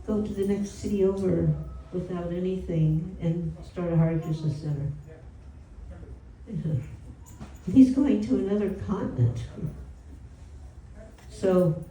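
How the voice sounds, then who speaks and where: A woman's voice: on the low side, dark tone, a little hiss or hum. A woman telling a story at a devotional home program, in a conversational way with lots of "you know" asides. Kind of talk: storytelling talk. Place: indoor gathering room. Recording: roomy and distant from the mic.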